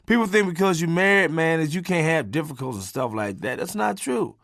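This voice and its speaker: Animated, profane male storyteller. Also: brisk, vocal fry, dry recording, studio quality. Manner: animated, profane, swings from loud to low asides. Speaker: comedian telling his own story. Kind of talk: comic storytelling.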